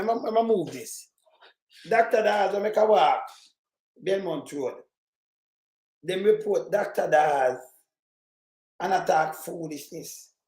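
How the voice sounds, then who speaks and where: A man's voice: a little high, darkish tone, reverberant, rough recording. A man with a Jamaican accent giving rambling, emphatic commentary in patois.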